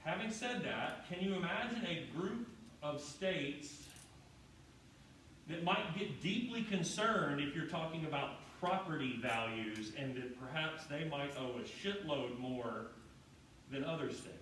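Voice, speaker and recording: A man's voice: on the high side, animated, measured pace, fairly bright tone. Man lecturing in a very echoey room. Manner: casual, salty asides and rhetorical questions to students. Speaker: history professor. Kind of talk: classroom lecture. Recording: very echoey room, far from the mic, faint noise.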